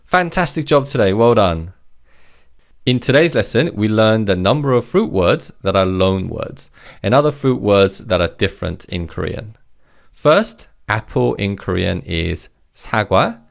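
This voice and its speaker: Male language tutor, lowish gravelly voice, upbeat and encouraging. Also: very animated. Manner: encouraging, repeats each word slowly for learners. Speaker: Korean language teacher. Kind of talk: scripted language lesson.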